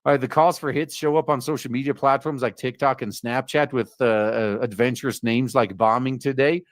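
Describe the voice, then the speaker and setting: A man's voice: mid-range voice, steady tone, brisk, no echo, studio quality. A man hosting a commentary stream, reading news articles aloud with many fillers and adding sarcastic asides. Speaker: host reading news stories. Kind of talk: casual commentary on read-out articles.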